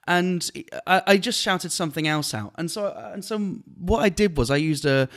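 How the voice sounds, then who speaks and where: A man, a comedian, telling a story on a podcast in an animated way and laughing often. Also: high-pitched, normal speed. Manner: animated, laughing while retelling an anecdote. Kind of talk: casual storytelling chat.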